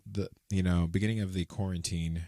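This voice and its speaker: A young man co-hosting a casual podcast, retelling a story in a lively, animated way. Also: low voice, fairly quick, dry recording, studio quality. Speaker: podcast co-host. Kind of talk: casual chat.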